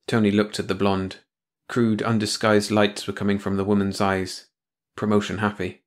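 A man reads a short story aloud as an audiobook in a steady, measured way. His voice is fairly low and keeps an unhurried storytelling pace. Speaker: audiobook narrator. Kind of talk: scripted story narration.

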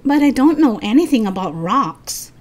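A woman's voice: medium pitch, big pitch swings, unhurried. A woman reading a storybook aloud and voicing a teasing, complaining third-grade boy in a raised voice. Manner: complaining, wisecracking.

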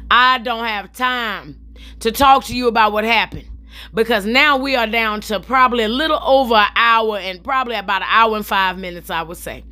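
Sassy young woman doing a storytime vlog, bright punchy voice, cussing and talking right at the viewers. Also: on the high side, moderate pace. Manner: animated, profane, sassy storytelling with direct asides to viewers. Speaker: comedian telling a story while styling her hair.

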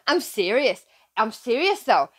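Young woman from England, higher voice, swoops around a lot, giggly and rambling reaction host. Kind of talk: casual reaction chat.

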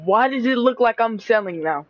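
Excitable high-voiced young man gaming. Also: moderate pace. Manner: excitable, laughing, swearing. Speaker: gamer. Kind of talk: live gameplay commentary. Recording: dull lo-fi dry mic audio.

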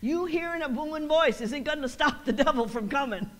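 A woman pastor with a high-pitched voice preaches a sermon fairly quickly, in a call-and-response style that builds to emphatic repeated lines. She acts out quoted voices, laughing as she does.

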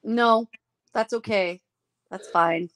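A woman's voice: medium pitch, a bit bright. Gushing woman greeting her live viewers. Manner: drawn-out, easygoing talk. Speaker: live-stream host. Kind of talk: casual live-stream chat.

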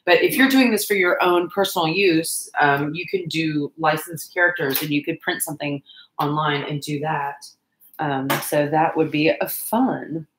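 A woman's voice: low voice, moderate pace, roomy sound, slight background noise, poor audio. A woman chatting casually and rambling to viewers while she crafts on a livestream. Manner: chatty, rambling, self-deprecating, talks to viewers and pets.

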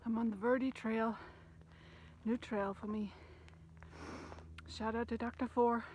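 A woman talks slowly and cheerfully while climbing a desert trail, short of breath from the uphill walk. At times she drops to a near-whisper. The handheld recording carries plenty of wind noise from the open air. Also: on the high side, fairly even intonation, darkish tone. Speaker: hiking vlogger. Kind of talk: casual hiking vlog narration. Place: outdoors on a desert hiking trail. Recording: windy outdoor handheld recording.

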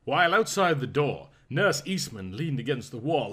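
A man's voice: mid-range voice, big pitch swings, normal speed, hardly any pauses, bright, forceful tone, slightly rough. Man narrating with melodramatic, mock-passionate flair. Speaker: narrator reading a parody story. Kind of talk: comic dramatic reading.

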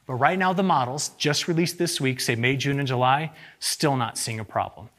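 A man, an agricultural meteorologist, giving a lively, joking slide presentation to farmers and asking the audience rhetorical questions. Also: mid-range voice, moderate pace.

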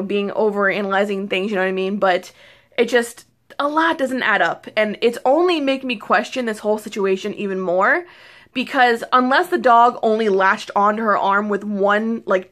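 A young woman beauty vlogger chatting casually to camera, excitable and rambling, full of fillers and restarts. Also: medium pitch. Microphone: phone or camera mic.

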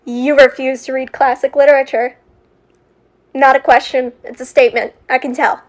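A woman with a high voice delivering a short social video monologue straight to her phone camera. Her tone is condescending and emphatic, leaning hard on her points. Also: level tone, moderate pace. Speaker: online video creator.

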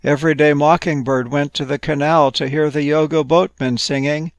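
A man gently narrating a playful, whimsical bedtime story. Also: fairly high pitch, steady tone, normal speed, no echo.

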